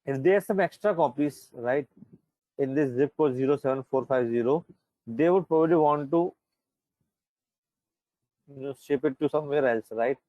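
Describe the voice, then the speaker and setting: A man's voice: medium pitch, moderate pace, long pauses, dark tone, dry recording, rough recording. A man teaching an online class in a conversational way, often checking in with "right?" and "you know".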